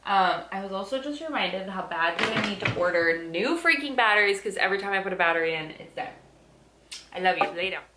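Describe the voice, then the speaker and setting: A woman's voice: mid-range voice, expressive, fast, few pauses. A woman vlogging in casual chat at home, chatty and candid, with loose fillers, filmed on a handheld phone. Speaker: daily vlogger. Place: at home, sorting a dresser. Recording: echoey room with faint noise.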